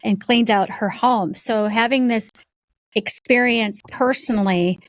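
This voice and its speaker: A woman hosting a podcast interview, asking questions and sharing personal asides in a relaxed way. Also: a little high, unhurried, dry recording. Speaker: podcast host. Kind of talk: conversational interview.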